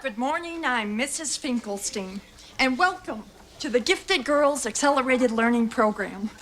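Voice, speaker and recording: A woman's voice: fairly high pitch, measured pace, background noise, close to an everyday voice. An actress playing a prim, condescending schoolteacher, sugary in her politeness with a snide edge. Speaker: teacher. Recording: sitcom with loud studio audience laughter.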